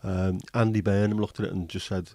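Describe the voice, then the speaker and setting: Joking host, casual swearer, mellow low voice, dry close sound. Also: male voice, steady tone, brisk, no echo. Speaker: livestream host. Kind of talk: casual chat reading viewer comments.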